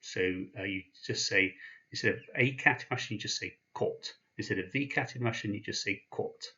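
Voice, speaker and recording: A man teaching a language lesson, patient and slow, pausing after each sound he spells out. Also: on the low side, pushed and bright, muffled recording. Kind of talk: explaining slowly, with pauses.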